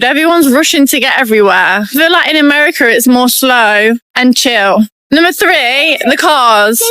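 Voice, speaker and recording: Grumbling woman, high voice. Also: sharp tone, dry recording, rough recording. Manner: complaining, grumbling. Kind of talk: countdown vlog.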